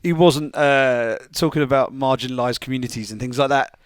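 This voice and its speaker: Journalist guy chatting, wry and measured, dry close sound. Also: medium pitch, smooth, no echo. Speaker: journalist guest. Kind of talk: casual chat.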